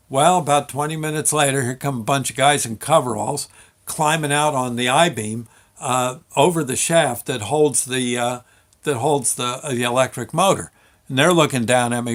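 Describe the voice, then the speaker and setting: A man's voice: mid-range voice, moderate pace, a bit bright. A man telling a story from his working life in a casual, rambling way, full of fillers and restarts. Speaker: show host.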